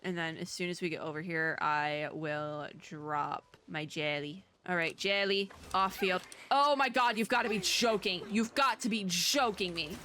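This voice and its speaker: A young woman doing let's play commentary on a video game, animated and chatty, laughing to herself. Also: lowish voice, unhurried, few pauses, a little hiss or hum. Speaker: gaming YouTuber.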